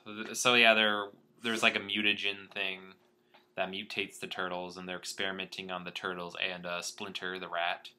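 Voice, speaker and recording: Bright-voiced young man, sarcastic chat. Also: deep voice, completely flat delivery, moderate pace, clean tone. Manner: sarcastic, rambling with many fillers. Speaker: podcast co-host. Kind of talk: casual movie-review chat.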